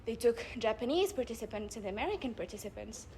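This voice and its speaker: A young woman delivering a public speech at a debate club event, building her points with rhetorical questions and measured emphasis. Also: a little high, expressive, a little mellow, slight background noise. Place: live event before an audience.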